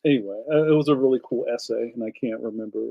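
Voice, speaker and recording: A man's voice: mid-range voice, quick pace, vocal fry, narrow, tinny audio. A man from Philadelphia hosting a casual live stream, rambling from topic to topic and answering viewer comments. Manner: rambling, jumps between topics. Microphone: streaming setup.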